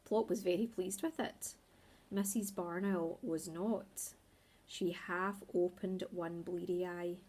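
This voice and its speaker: A woman reading a children's story aloud in a slow, expressive way. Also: lowish voice.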